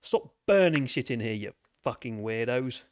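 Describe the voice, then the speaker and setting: A man voicing a gruff, foul-mouthed male soldier who yells impatiently. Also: medium pitch, animated, normal speed, dry recording, close to an everyday voice. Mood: shouting angrily. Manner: yelling, swearing impatiently.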